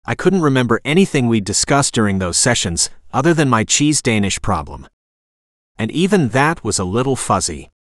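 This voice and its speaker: A man reading a first-person audiobook narration in a wry, expressive manner. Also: medium pitch, moderate pace, dry recording, clean studio sound.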